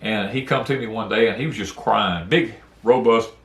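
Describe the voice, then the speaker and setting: On a porch outdoors, a middle-aged man who hosts a homestead channel talks earnestly and casually about grief from the heart. His lowish voice moves at normal speed with a reverberant sound, and he rambles, repeating words in a folksy way.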